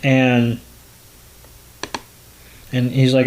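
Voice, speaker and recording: A man hosting a podcast, retelling a cartoon episode in a loose, rambling way. His voice sits at a middle pitch. He keeps going with lots of filler words. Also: fairly even intonation, takes it slowly, slight background noise. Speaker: podcast host. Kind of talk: casual episode recap.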